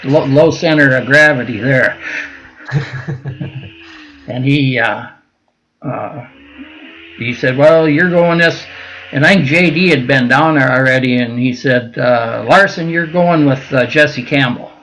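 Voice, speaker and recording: A man's voice: medium pitch, unhurried, long pauses, a bit bright, slight background noise, rough recording. An older man from Minnesota telling long stories as an interview guest, with lots of fillers and restarts. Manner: rambling with frequent fillers and restarts. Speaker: guest, veteran. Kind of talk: casual storytelling interview.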